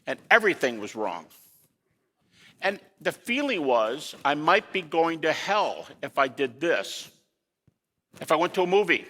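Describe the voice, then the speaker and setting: Animated man lecturing in a hall. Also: a little high, measured pace, long pauses. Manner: animated, asks rhetorical questions, folksy asides. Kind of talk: lecture to an audience.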